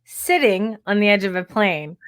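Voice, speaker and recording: A woman's voice: medium pitch, expressive, normal speed. A woman co-hosting a podcast, sharing stories and reflections in casual chat. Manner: chatty, reflective storytelling. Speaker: podcast co-host.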